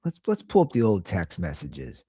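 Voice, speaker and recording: A man's voice: sits low, wildly swooping pitch, moderate pace, warm tone, breathy edge, dry recording, studio quality. A man in his thirties hosting a casual show, telling an exasperated, rambling story about his young daughters. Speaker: podcast host; father of two young girls.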